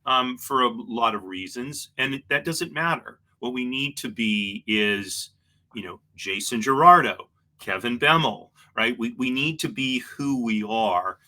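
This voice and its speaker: A man's voice: mid-range voice, a little slow, sharp tone. A man hosting an interview show, talking in a rambling, hesitant way and restarting often. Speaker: show host. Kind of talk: casual interview chat.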